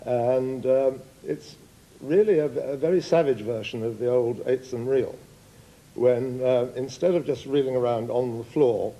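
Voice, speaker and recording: Man, panel guest, rambling absurd deadpan, extremely dark mellow tone. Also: medium pitch, a little slow, low-quality recording. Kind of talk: bluffing a definition.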